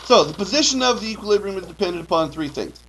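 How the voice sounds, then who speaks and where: A man's voice: high-pitched, lively intonation, fast, a bit bright, husky, poor audio. A man teaching a chemistry class, lecturing with frequent "okay" checks and dry joking asides. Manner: drills key terms, frequent "okay" checks. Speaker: high school chemistry teacher.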